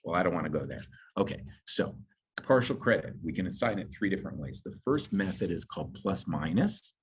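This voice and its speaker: A man's voice: deep voice, sing-song, a little fast, a little hiss or hum, low-quality recording. A man lecturing on exam scoring in a conversational way, with asides and fillers, his voice slightly going. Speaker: nursing exam instructor. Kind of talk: explanatory lecture.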